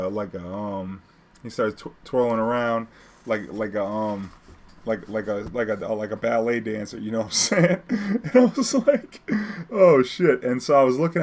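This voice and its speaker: A young man, telling a taxi story in a casual, animated way, laughing often and acting out what people said. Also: mid-range voice. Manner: animated, laughing often, acts out quotes loudly.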